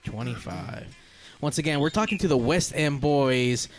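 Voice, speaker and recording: A man's voice: medium pitch, animated, normal speed. A man from Southern California hosting a podcast, talking casually with plenty of swearing and jokes. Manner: swears freely, loose and joking. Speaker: podcast host. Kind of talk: casual chat.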